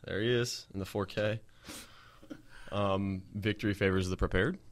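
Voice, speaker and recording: A man co-hosting a casual podcast, joking and telling animated stories with frequent laughs. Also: lowish voice, moderate pace. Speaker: podcast co-host.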